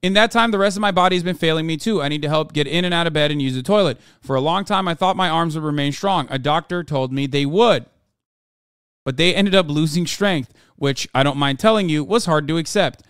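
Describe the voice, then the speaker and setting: A man voicing an earnest Icelandic man reading his own letter, in a put-on Nordic accent with a measured, plain delivery. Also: fairly high pitch, a bit bright, clear, resonant tone, no room sound, studio quality, lightly acted.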